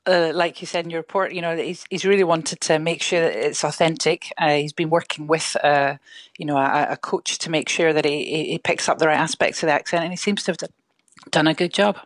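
A woman from Scotland with a light Glaswegian accent speaks as an expert guest on radio. She has a deep voice and a hesitant, restarting way of talking. The sound is dry and close. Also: fairly even intonation, fairly quick, dry recording. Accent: mild Glaswegian. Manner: hesitant, many fillers and restarts. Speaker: linguistics professor guest. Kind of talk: radio interview.

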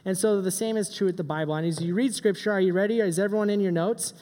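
A middle-aged man giving a joking, animated youth sermon as a pastor. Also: sits high, fast talker. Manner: joking, animated, does silly voices. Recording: long hall reverb.

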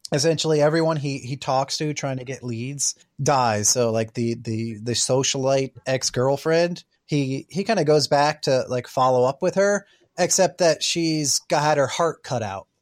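A man's voice: medium pitch, moderate pace, few pauses. Rambling casual male podcast host. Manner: rambling, filler-heavy recap. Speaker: podcast co-host reviewing a film. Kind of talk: casual chat.

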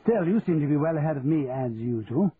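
A man's voice: fairly high pitch, animated, brisk, breathy edge, no echo, pitched above the performer's own voice. A man voicing a witty, upper-class English lady who teases her guests in a posh drawl. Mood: teasing. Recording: tinny, phone-like audio, faint hiss.

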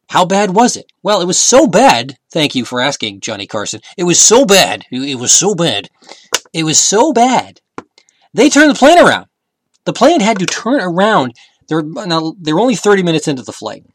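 A man telling comic stories in an animated, sarcastic way, with rambling restarts and bursts of loud emphasis. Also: medium pitch, dry recording. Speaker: comedic commentator. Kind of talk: comedic storytelling.

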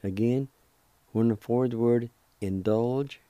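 Slow, very dark-voiced male teacher. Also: mid-range voice, dry recording. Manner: spells words letter by letter and repeats them; politely encouraging. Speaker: radio host teaching vocabulary. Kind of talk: slow, patient vocabulary lesson.

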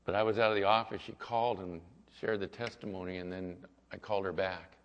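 A male pastor preaching a sermon and telling a story, moving between loud passages and hushed ones. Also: deep voice, fairly even intonation, fairly quick. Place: church sanctuary. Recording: echoey hall, dull lo-fi sound.

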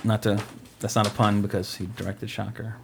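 A man's voice: on the low side, little pitch movement, a little fast, vocal fry, over music. A man hosting a podcast in casual chat, rambling and joking offhand about films. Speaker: podcast host.

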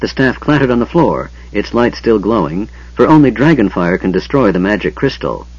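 A man narrating a fantasy story in a measured storytelling manner. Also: lowish voice, sing-song, breathy edge, no echo. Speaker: audiobook narrator. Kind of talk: scripted narration. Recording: dull lo-fi audiobook recording.

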